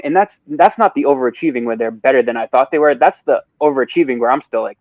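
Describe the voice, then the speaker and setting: A man's voice: medium pitch, fast, few pauses, no echo. Man, ranting sports bettor, profane, keeps apologizing, dull lo-fi sound, dry. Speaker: podcast co-host giving betting picks. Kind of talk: casual sports betting talk. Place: a different place than usual.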